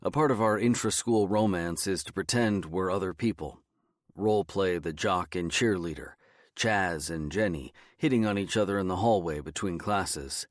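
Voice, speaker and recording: A man narrating a novel in a measured, even storytelling manner on a close studio mic. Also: sits low, no room sound. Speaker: audiobook narrator. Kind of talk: scripted first-person narration.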